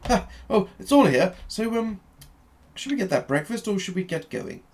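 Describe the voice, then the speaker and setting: A man puts on a flustered older doctor, fussy and quick to exclaim, with a voice pushed up high above his usual. The tone has a gravelly edge, and the excitement makes it loud. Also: exaggerated voice. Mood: pleased.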